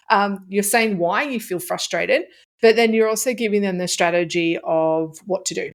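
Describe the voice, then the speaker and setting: A woman's voice: medium pitch, measured pace, vocal fry. A middle-aged woman, hosting a solo podcast in a conversational way, often acting out short example phrases. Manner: conversational, with frequent fillers and acted-out example phrases. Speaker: podcast host and author.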